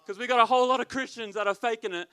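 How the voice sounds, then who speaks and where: Speaking very fast in a high, bright, steady voice, a man delivers a sermon as youth leader. His preaching is emphatic, hammering points through repetition while remaining smooth and clear.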